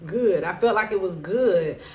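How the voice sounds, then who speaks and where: Woman gossiping through a tv recap, talks to the viewers, roomy echo, mid-pitched. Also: a little slow. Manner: chatty, gossipy, animated retelling. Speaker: TV recap vlogger. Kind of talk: casual reality-show recap. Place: home room. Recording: echoey room.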